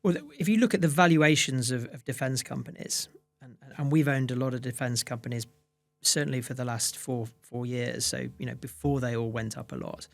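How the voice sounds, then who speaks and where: A man's voice: mid-range voice, a little fast, vocal fry. A man, a fund manager, answering interview questions with many restarts and fillers. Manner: hesitant restarts, many "you know"s.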